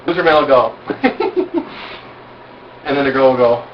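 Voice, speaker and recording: A man's voice: mid-range voice, moderate pace, a little hiss or hum. A man holding forth to a small group in a frank, self-assured, boastful way, full of rhetorical questions, at an outdoor cookout. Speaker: group speaker giving informal instruction. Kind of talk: casual instructional talk to a small group. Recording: roomy, distant, dull amateur recording.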